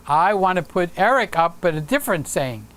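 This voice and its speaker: A man's voice: high voice, sing-song, a little slow, a bit bright. A man hosting a casual livestream, chatting upbeat and reading viewer comments aloud with frequent fillers. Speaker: livestream host.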